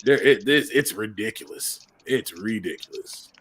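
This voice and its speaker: A man on a livestream panel, animated and laughing often as he jokes. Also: on the low side, normal speed, husky. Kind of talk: casual livestream panel chat.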